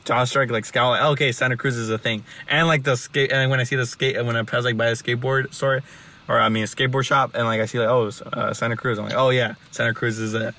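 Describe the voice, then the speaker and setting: Bright-voiced young man rambling casually. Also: medium pitch, fairly even intonation, quick pace, far from the mic. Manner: rambling, full of "like" and restarts, swears freely. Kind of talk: casual chat.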